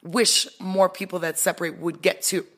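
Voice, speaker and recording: A woman's voice: fairly low pitch, little pitch movement, moderate pace, a bit bright, slightly rough. A woman speaking as a guest in a casual chat, candid and blunt, swearing easily.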